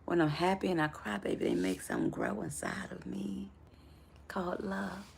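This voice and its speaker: A woman's voice: lowish voice, wildly swooping pitch, moderate pace, vocal fry, a little hiss or hum. A woman life coach giving a motivational live talk to her viewers, affectionate and preacher-like in her encouragement.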